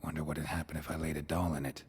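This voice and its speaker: A wary male game protagonist mutters his thoughts in an extremely deep, flat voice. Faint noise sits under the recording. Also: racing.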